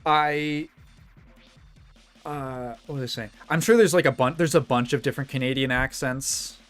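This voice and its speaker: This streamer has a Midwestern American accent and a smooth, fairly bright, medium-pitched voice at a moderate pace, with faint music behind him. Reacting to a video, he chats casually, rambles, restarts sentences and laughs frequently.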